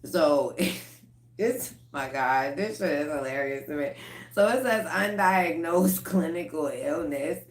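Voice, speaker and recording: A woman's voice: sits low, animated, takes it slowly, echoey room, a little hiss or hum. A woman giving a casual tarot collective reading, blunt and profane, breaking into laughter often. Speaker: tarot reader.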